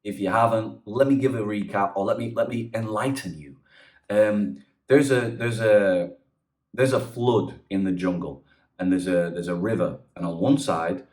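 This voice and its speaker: A man's voice: lowish voice, moderate pace, a little mellow. A man giving earnest, rambling advice in a casual vlog monologue, often restarting his sentences. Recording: echoey room.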